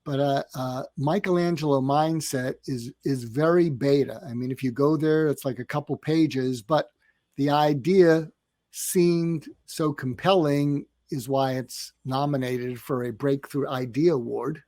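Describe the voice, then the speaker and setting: Guesting on a podcast interview, an older psychiatrist wanders through his stories, leaning on fillers and performing the dialogue he quotes. He speaks at medium pitch, steady and measured, a little mellow, with no room sound.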